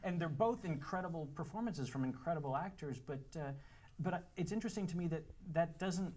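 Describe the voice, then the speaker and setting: Rambling, hesitant moderator, slightly high voice. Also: male voice, lively intonation, brisk, darkish tone. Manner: rambling, hesitant, searching for words. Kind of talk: panel questions. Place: cinema auditorium with audience.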